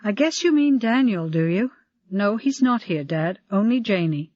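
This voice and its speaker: A woman's voice: mid-range voice, animated, moderate pace, darkish tone, no echo, natural voice. Brief: reader playing a dry, sarcastic young woman on the phone to her dad, lo-fi. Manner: sarcastic, patient. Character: sarcastic young adult daughter.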